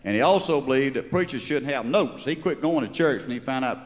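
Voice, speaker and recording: A man's voice: medium pitch, expressive, a little fast. A man with a Georgia Southern accent doing folksy, rambling stand-up storytelling on stage. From Georgia, USA. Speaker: stand-up humorist. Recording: live stage recording with long reverb.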